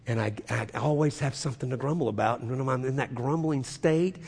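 Guy preaching in a church hall, goes quiet then loud and punchy, lots of reverb. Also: mid-range voice, fairly quick, vocal fry, breathy edge. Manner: swings from hushed asides to loud emphatic preaching. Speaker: pastor. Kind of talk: sermon.

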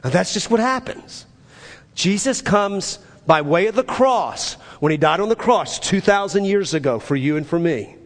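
A man preaching a sermon with a slightly high voice. He is emphatic, pushing up to urgent peaks and falling to low, quiet asides. His voice rings with the long reverb of a large church hall. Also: lively intonation, moderate pace. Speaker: pastor.

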